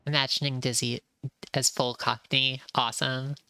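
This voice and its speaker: A woman's voice: a bass voice, flat delivery, moderate pace, bright, forceful tone, clean tone, no echo. A woman streamer giving chatty, easily delighted commentary while playing a game. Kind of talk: casual gameplay commentary.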